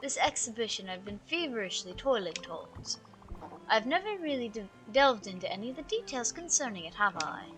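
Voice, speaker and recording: Over music, a woman with a fairly high, sing-song voice reads game dialogue briskly. She voices a pompous, aging male art curator in a put-on British accent, using grandiose, theatrical phrasing.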